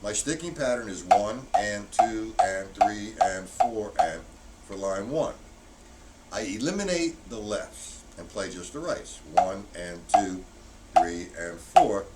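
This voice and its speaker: A man teaching a drum lesson on a live stream, counting beats out loud and punching the accented ones. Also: on the low side, expressive, unhurried. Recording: distant mic, loud background noise.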